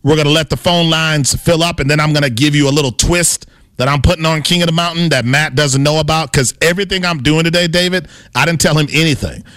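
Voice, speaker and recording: A man's voice: a little high, steady tone, quick pace, fairly bright tone, no room sound, clean studio sound. Playful radio co-host, a man. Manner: playful, jokey, tries out silly accents. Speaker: radio sports show co-host. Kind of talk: casual sports radio banter.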